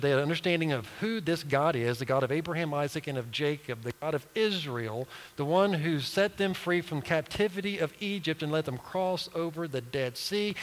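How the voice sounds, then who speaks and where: A man's voice: fairly high pitch, long reverb tail, rough recording. A man preaching a sermon, retelling a story with acted-out quotes and many restarts.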